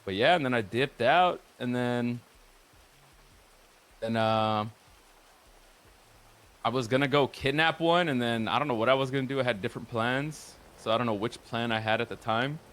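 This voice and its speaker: A man's voice: medium pitch, normal speed, long pauses, a bit bright. A man casually recounting events from a roleplay game, profane and rambling with lots of filler words. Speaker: roleplay streamer. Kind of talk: casual storytelling.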